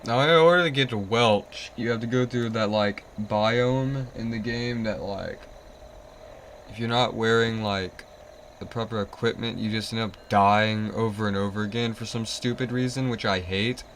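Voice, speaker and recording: A man's voice: lowish voice, fairly even intonation, moderate pace, fairly bright tone, slight background noise. A young man streaming a video game, rambling and easily exasperated, sleepy and yawning as he complains. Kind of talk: casual live-stream commentary.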